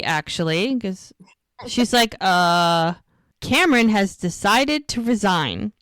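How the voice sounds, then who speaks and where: A woman co-hosting a rewatch podcast, casually retelling scenes and quoting the characters in quick bursts. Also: mid-range voice, dry recording, clean studio sound. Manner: chatty, quotes characters in quick lively bursts. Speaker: podcast co-host recapping episodes.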